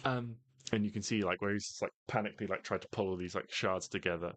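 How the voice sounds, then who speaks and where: A man narrating as game master of a tabletop game, halting and full of fillers. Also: lowish voice, steady tone, a bit bright, no room sound.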